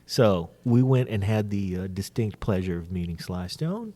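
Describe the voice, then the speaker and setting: A man's voice: deep voice, animated, moderate pace, mellow. A man hosting a podcast, telling stories in casual chat, laughing often and swearing casually. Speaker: podcast host.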